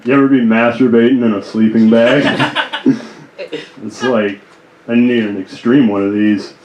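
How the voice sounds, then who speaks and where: A man doing improvised stand-up in a small comedy club, halting and laughing at his own jokes. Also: medium pitch, steady tone, dull audio, background noise. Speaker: stand-up comic. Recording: roomy club.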